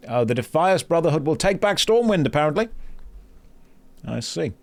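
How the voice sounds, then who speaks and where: A man's voice: a little high, very animated, moderate pace, long pauses, darkish tone. Joking man streaming a game. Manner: joking, sarcastic, reads quest text aloud. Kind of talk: casual live-stream chat while gaming.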